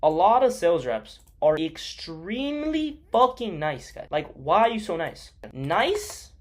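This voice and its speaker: A young man gives a casual sales coaching talk in a slightly high voice. He is blunt and profane, and he leans on "like" and other fillers as he rambles through his points. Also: big pitch swings, normal speed.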